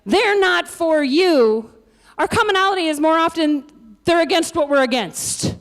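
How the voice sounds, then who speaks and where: Woman pastor, high-voiced, casual and lively delivery with quips. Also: moderate pace. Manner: lively, conversational, joking asides. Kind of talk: sermon.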